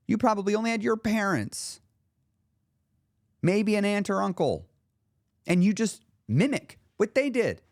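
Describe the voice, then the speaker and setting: A man's voice: high-pitched, no echo, clean studio sound. A man hosting a podcast as a weight-loss coach, telling stories in a casual, motivational way with occasional swearing. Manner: conversational storyteller, occasional swearing.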